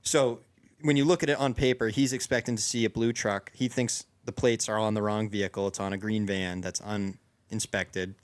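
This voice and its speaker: A man's voice: on the low side, steady tone, normal speed. A young man casually telling a long story among friends, rambling with lots of restarts and fillers. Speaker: podcast co-host.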